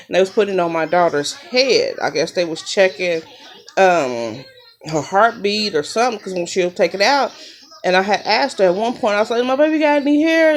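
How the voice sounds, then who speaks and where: Woman, casual storytelling, chatty, quotes the people in her story, mid-pitched voice. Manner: chatty, retelling events with quoted dialogue. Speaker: mom vlogger.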